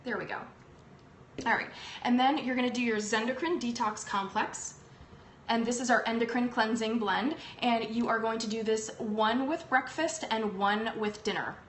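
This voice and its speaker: A woman's voice: a little high, normal speed. Chatty woman in an echoey room. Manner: upbeat and chatty, many ums. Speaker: host. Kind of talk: casual livestream product talk. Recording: echoey room with faint background noise.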